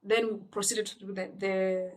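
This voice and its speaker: A woman's voice: mid-range voice, little pitch movement, measured pace, darkish tone. A young woman with a Kenyan accent telling a personal story in an emphatic, indignant way, often restarting her sentences. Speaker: vlogger. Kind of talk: storytime monologue.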